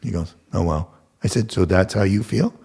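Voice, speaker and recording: A man's voice: sits low, normal speed, gravelly, warm tone, slightly rough. An older man, a guest telling stories casually and acting out the dialogue, swearing freely. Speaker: guest contractor. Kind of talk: casual storytelling.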